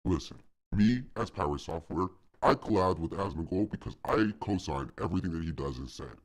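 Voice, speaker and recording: A man doing an exaggerated deep-voiced impression of a boastful male game developer streamer during a live stream. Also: expressive, brisk. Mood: smug. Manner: boastful, self-satisfied.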